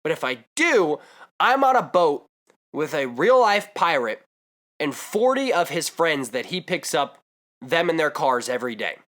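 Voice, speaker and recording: A man's voice: fairly high pitch, very animated, a little slow, fairly bright tone. A young man vlogging, telling a comedic story with exaggerated asides and rambling digressions.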